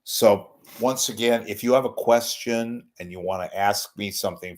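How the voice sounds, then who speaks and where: Deep-voiced older man, blunt and rambling. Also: moderate pace, few pauses. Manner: blunt, rambling and self-mocking. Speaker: host of an online talk show. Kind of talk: unscripted solo talk reading viewer messages.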